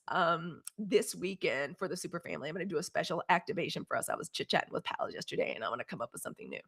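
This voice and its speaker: Her medium-pitched voice is brisk and fairly bright. She's a fifty-something host from Mississippi with a Southern accent, running a laid-back live news show and addressing viewers directly.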